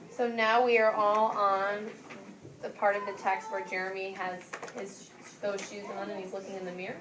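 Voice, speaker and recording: Recorded from a distance in an echoey classroom with background noise, a woman with a mid-range voice speaks at normal speed. She goes over questions with her class and reads a storybook aloud, acting out the characters' lines with animation.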